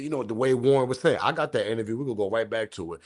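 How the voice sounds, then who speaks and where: A man in the middle of casual commentary, his voice sitting at an ordinary mid pitch. He talks in an animated, slangy way, circling back to the same point again and again. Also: fast, hardly any pauses. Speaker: commentary channel host. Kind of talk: casual commentary on audio clip.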